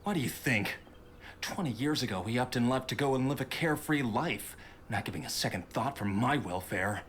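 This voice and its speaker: An actor playing a bitter, resentful son in a game who talks coldly and grudgingly. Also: male voice, medium pitch, moderate pace, fairly bright tone, slight background noise, lightly acted. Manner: cold, grudging.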